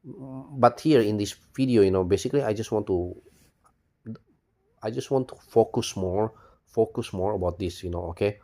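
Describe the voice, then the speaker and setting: A man's voice: on the low side, normal speed, a little mellow. A man rambling through a cynical personal video monologue, repeating himself, swearing and saying "you know" constantly. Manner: bitter, cynical. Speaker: video blogger.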